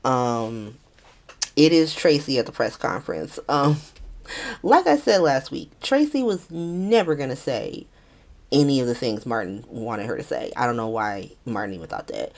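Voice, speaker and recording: A woman's voice: a bass voice, very animated, moderate pace. A woman hosting a podcast, recapping a soap opera in casual, profane chat and acting out the characters' lines in shifting voices. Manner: chatty, profane, acts out quotes in shifting voices.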